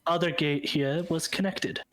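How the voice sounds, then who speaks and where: A man with a notably high voice, taking part in a tabletop game. He speaks in character in a polite, halting way, with plenty of pauses and filler. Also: steady tone, a bit bright. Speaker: player. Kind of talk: tabletop role-play banter.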